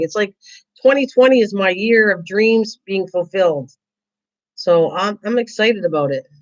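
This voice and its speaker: A woman hosting a crafting livestream, chatting with her viewers in an excitable, rambling way and often repeating herself. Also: on the low side. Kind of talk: casual chat reading viewer comments. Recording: dull lo-fi livestream audio.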